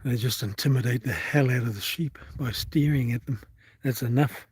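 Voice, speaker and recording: This livestream vlogger is a man with a New Zealand accent, chatting casually on his phone out on farmland and swearing offhandedly as he rambles through his thoughts. He speaks in a mid-range voice at normal speed, a little mellow with a breathy edge, and there's no room sound.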